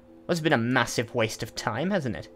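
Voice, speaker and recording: A man's voice: mid-range voice, animated, normal speed, a bit bright, soft background music. A man hosting a let's play, giving chatty, casual commentary and thinking aloud with asides as he plays.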